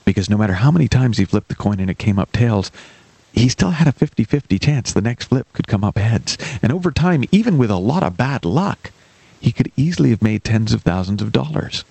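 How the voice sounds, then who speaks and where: A male radio host with a gravelly edge and a lively, swooping delivery. He tells a story with emphasis and acts out its characters. The sound is dry and close, as if from a studio booth. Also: medium pitch, a little fast, no echo. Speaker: radio show host and life coach. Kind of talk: radio call-in show monologue.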